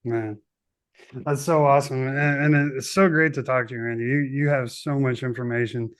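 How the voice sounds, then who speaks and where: A man's voice: medium pitch, steady tone, normal speed. A man hosting a podcast interview, casual and enthusiastic. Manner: enthusiastic, upbeat affirmations. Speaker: podcast host.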